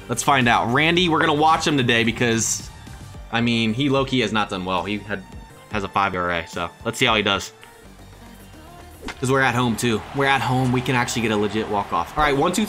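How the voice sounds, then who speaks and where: A young man talks over his own game in a bright, forceful voice, jumping from loud hype to low muttering. He sounds close to a desk mic at home. Soft background music plays beneath him. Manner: excitable, swings between hype shouts and muttered asides. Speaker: gaming YouTuber. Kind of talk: excited live gameplay commentary.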